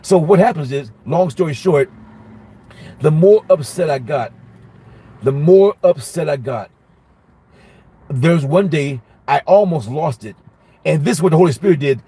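Husky-voiced preacher repeating every phrase. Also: male voice, a little high, dry recording. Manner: repeats each phrase for emphasis; animated personal storytelling. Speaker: minister teaching Bible study. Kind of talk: storytelling sermon.

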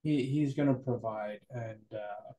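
A man's voice: mid-range voice, unhurried. A man co-hosting a casual church talk show, joking and musing aloud, then reading scripture verses. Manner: animated, jokey, muses aloud. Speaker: church podcast co-host.

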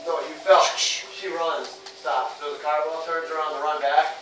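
A man's voice: fairly high pitch, little pitch movement, moderate pace, fairly bright tone, slight background noise. A man talking at home as a parent, asking pointed questions and lecturing casually. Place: inside a home. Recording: echoey room, from far off, chatter behind.

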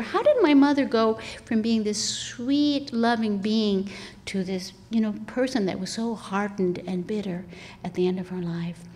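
A woman in her sixties, an author guest, telling a personal story in an earnest, reflective conversational way. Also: mid-range voice. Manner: earnest and reflective, drops to soft breathy asides.

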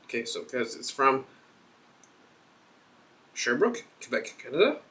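A man's voice: mid-range voice, very animated, a little slow, bright, forceful tone. A man hosting a casual beer review vlog, thinking aloud and rambling as he reads the label.

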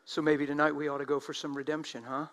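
A man preaching a sermon, telling stories with emphasis and swinging from loud outbursts to hushed tones. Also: fairly high pitch, level tone, fast, slight background noise. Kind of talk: sermon storytelling.

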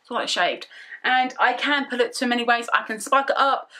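A young woman vlogging casually from her bedroom, rambling through an excited story. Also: fairly high pitch, fairly quick. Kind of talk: casual chatty vlog.

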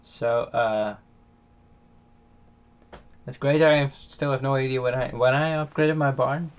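Speaking at a medium pitch with fairly even intonation, this Dutch-accented man is unhurried, with a clear, resonant tone despite a dull mic. As a game channel host giving casual, after-the-fact gameplay commentary, he hesitates a lot, using many filler sounds and restarts.

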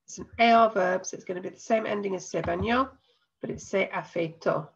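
A woman's voice: mid-range voice, vocal fry, slight background noise. English lady teacher, got a cold, patient and explaining, kinda muffled sound. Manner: patient, explanatory, spells out endings slowly. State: has a cold. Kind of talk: recorded online lesson.

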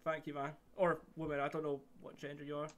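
A man hosting a casual gaming stream, laughing along, calming his friend down and thanking viewers. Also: fairly high pitch, fast. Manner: laughing, placating, talks to viewers. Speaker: streamer host.

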